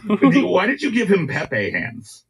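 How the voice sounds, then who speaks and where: Halting male interviewer, crowd behind. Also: sits high, wildly swooping pitch. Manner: halting, restarting questions. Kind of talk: casual interview chat.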